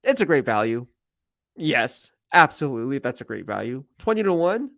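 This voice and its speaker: A man's voice: mid-range voice, sing-song, normal speed, gravelly, a bit bright, no echo, studio quality. A man, a sports team reporter, hosting a casual live-stream Q&A from a media workroom and rambling in a self-deprecating way.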